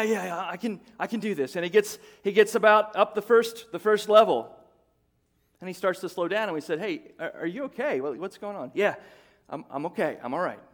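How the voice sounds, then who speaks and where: Middle-aged guy preaching, pretty high voice, chatty, repeats himself, gets fired up. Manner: conversational, repeats words, builds to excited bursts. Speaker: pastor. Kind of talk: sermon.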